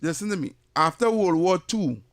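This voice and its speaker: A man's voice: sits high, lively intonation, normal speed, no room sound, clean studio sound. An older man with a Trinidadian accent co-hosting a talk radio show, blunt and opinionated, often repeating himself. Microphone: studio mic.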